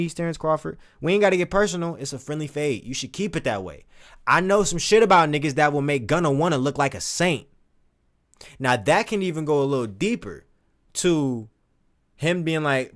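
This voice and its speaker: A man giving casual, profane commentary as a streamer, breaking into recited lines with big swings in pitch and loudness. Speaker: streamer discussing rap lyrics.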